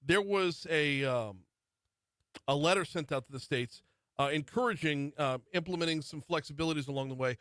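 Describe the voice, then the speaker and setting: A man in his forties from Louisiana hosts a radio talk show, and his voice sits a little on the higher side. He interviews his guest in an easygoing, chatty way. His studio sound is close and dry. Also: moderate pace, fairly bright tone, no echo. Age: 40s. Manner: easygoing and chatty, laughs easily.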